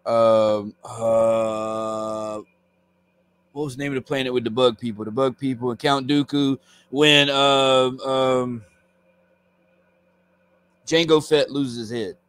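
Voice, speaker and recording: A man reading comics aloud on a live stream, casual and halting, stumbling over words and stopping to comment. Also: mid-range voice, steady tone, a bit bright, clear, resonant tone.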